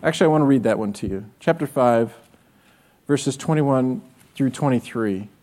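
A man's voice: mid-range voice, normal speed, warm tone. A man preaching a sermon as pastor, earnest and direct, often asking his listeners rhetorical questions. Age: adult with children.

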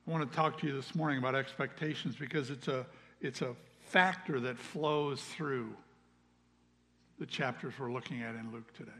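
A man giving a sermon as pastor, earnest, swinging between loud calls and hushed asides. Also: mid-range voice, steady tone, normal speed. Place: church sanctuary. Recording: long reverb of a large hall.

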